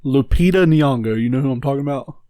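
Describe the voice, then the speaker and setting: A man's voice: mid-range voice, fast talker, warm tone, dry recording. A man co-hosting a podcast, rambling bluntly with frequent swearing in casual chat. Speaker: podcast co-host.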